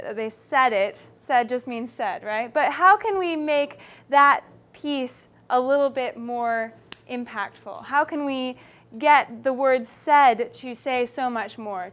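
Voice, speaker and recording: A woman's voice: a little high, a bit bright. A woman teaching a writing lesson to a class, explaining, asking students for ideas and often checking that they understand.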